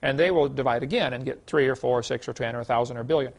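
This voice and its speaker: A man's voice: mid-range voice, racing. A man giving a folksy classroom lecture, telling anecdotes with chuckles and many "you know"s.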